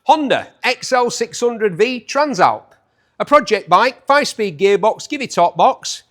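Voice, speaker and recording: Lively enthusiastic man presenting bikes. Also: sits high, a little slow. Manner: chatty, enthusiastic, jokey asides. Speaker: auction preview host. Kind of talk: walkaround auction preview.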